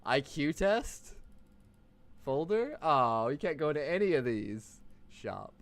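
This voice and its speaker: A man's voice: on the high side, sing-song, slow. A man streaming a horror game live, his voice bouncing up and down as he jokes and swears. He reads the on-screen text aloud between wisecracks. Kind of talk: live gameplay commentary.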